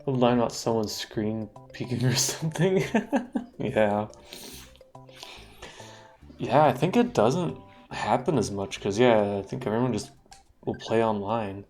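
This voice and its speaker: A man in his thirties chatting casually while streaming a game, relaxed, laughing often and swearing freely. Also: lowish voice, measured pace, long pauses, soft background music.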